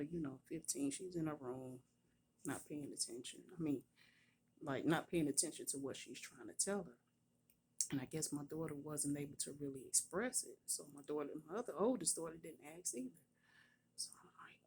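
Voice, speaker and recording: A woman, a prophetess, telling a personal testimony in a hushed, partly whispered voice while at her workplace. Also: sits low, brisk, slight background noise.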